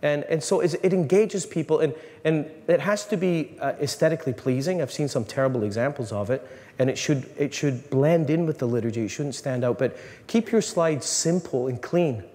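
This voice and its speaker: A man, a priest, giving an animated, joking talk to a live audience, often restarting his sentences. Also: a little high, normal speed. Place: large hall. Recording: long reverb in a hall, faint room noise.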